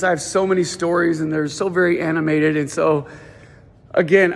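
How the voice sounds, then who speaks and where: A man with a notably high voice delivers casual stand-up stories and an audition pitch. He is animated and loose, full of "dude" and "like." A long reverb trails his words, as if he were recorded in a big hall. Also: vocal fry. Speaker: teen center director doing stand-up.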